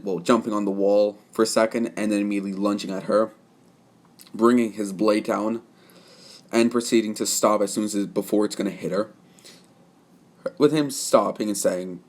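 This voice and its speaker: A man's voice: lowish voice, a little mellow. A young man narrating a fan story off the cuff, rambling with many fillers and self-corrections.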